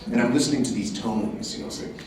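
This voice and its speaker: A man, a voice actor, speaking at a convention panel and jumping into quick voices and asides. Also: medium pitch, darkish tone. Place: large convention hall. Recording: echoey hall, mic heard from a distance.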